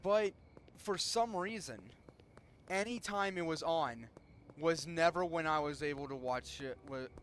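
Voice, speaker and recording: A man's voice: on the high side, expressive, unhurried, a bit bright, a little hiss or hum. A young man giving casual gameplay commentary as a streamer, rambling and often cutting himself off mid-sentence. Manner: rambling, self-interrupting, trails off. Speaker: gaming streamer.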